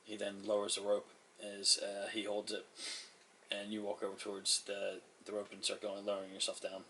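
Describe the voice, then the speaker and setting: Brief: male game master, casual and chuckling, low and very bright. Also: monotone, normal speed, a little hiss or hum. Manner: casual, many fillers, chuckles often. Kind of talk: narrating a tabletop game.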